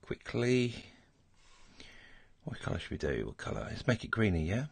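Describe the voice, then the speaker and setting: A man's voice: low-pitched, fast, creaky, slightly rough, dry recording. A man hosting a casual drawing tutorial, muttering and thinking aloud as he works. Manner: relaxed, mutters and thinks aloud while working. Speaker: art tutorial host.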